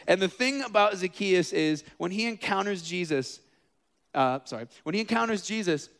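A man in his thirties or forties preaching a casual, animated sermon, acting out the figures in his stories with asides to the room. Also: high voice. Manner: animated, acts out quoted figures, self-deprecating asides.

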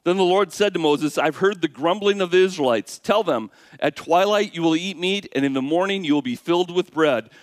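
A man preaching a sermon, animated, swinging from hushed asides to loud exclamations. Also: sits high, fairly quick, hardly any pauses, no echo, studio quality. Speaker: pastor.

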